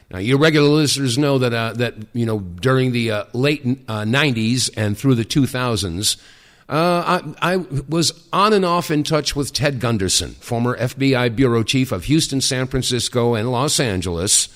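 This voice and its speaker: A middle-aged man hosts talk radio into a studio mic. He speaks emphatically and deliberately in a mid-range voice, with frequent fillers. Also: mid-range voice, fairly bright tone.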